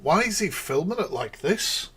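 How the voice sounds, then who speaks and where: A man's voice: on the high side, sing-song, moderate pace, bright, forceful tone, breathy edge. A man hosting a live reaction stream, rambling and laughing, with sarcastic asides. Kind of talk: casual live-stream commentary.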